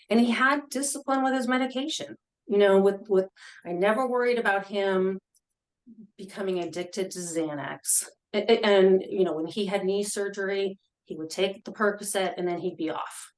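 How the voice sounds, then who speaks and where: A woman's voice: medium pitch, rough recording. A woman guest on a podcast, telling a personal story in an earnest, emotional way, often restarting and repeating words.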